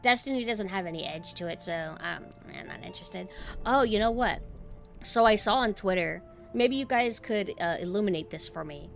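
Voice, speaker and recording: A woman streamer talks casually with her viewers in a dry, flat monotone. Her voice has a gravelly fry running through it. Faint music plays underneath. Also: mid-range voice, moderate pace. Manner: dry, deadpan monotone delivery.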